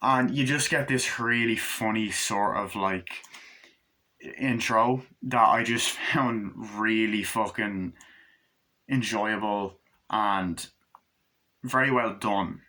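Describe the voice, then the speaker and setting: Young male reviewer, bright forceful tone, loose rambling delivery with casual swearing. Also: fairly low pitch. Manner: rambling, swearing, acts out scenes in quick put-on voices. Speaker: movie reviewer.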